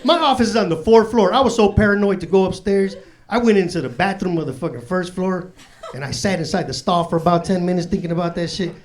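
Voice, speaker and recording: A man's voice: sits high, fast. A man from doing a stand-up comedy set, telling profane, slangy street stories on a club stage. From Chicago, USA. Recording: live comedy club with loud crowd. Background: audience laughing.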